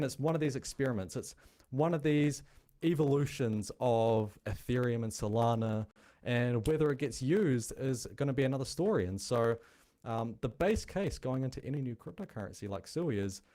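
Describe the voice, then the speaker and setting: A man's voice: mid-range voice, dark tone. A man hosting a crypto show, explaining in a blunt, chatty way with a noticeable non-American accent. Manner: blunt, chatty, thinking aloud. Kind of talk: casual explainer talk.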